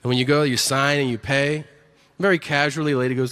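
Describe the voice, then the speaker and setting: Brash, profane middle-aged stand-up comedian. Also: male voice, mid-range voice, a little fast, long reverb tail, a little hiss or hum. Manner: brash, profane, animated storytelling.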